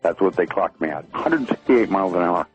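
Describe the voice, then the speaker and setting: A man's voice: sits low, animated, fairly quick, faint music behind, low-quality recording. An older man, a guest on a radio show, calling in by phone and talking enthusiastically and in technical detail, with frequent fillers and chuckles.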